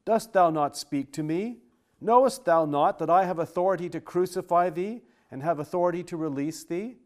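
A man reading the part of a stern Roman governor questioning a prisoner, in formal archaic wording with questions pitched higher. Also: lively intonation, measured pace, darkish tone.

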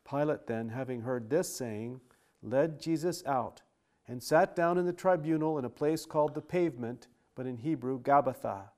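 A man reading scripture aloud in a steady, formal style with archaic wording. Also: mid-range voice, normal speed.

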